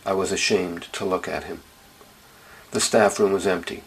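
A man's voice: low voice, steady tone, normal speed, gravelly, breathy edge, low-quality recording. A man narrating a first-person story in a plain, understated, blunt way.

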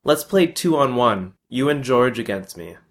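A man's voice: mid-range voice, animated, a little slow. A man voicing his cocky young male friend, who talks in laid-back slang and boasts about his game.

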